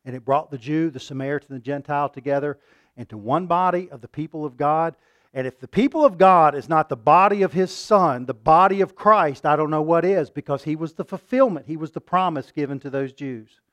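A man preaching a sermon, rising to loud emphatic peaks and dropping to quiet asides, asking his listeners questions and repeating words for emphasis. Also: on the high side, brisk, dry recording.

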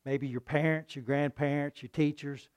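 A man preaching a sermon in a folksy style, often asking his listeners "right?" and loudly acting out the voices of a mocking crowd. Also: on the high side, moderate pace, smooth. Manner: animated, acts out mocking crowds in loud voices.

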